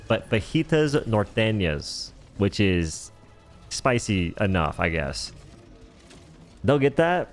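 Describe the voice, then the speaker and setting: A man streaming a game live, rambling and joking in casual chatter as he answers viewers' chat. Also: on the low side.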